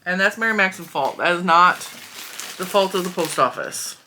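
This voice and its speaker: Chatty woman with a low, bright voice. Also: normal speed, a little hiss or hum. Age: 40s. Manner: chatty, candid, playfully blunt. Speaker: yarn review host. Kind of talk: casual review vlog.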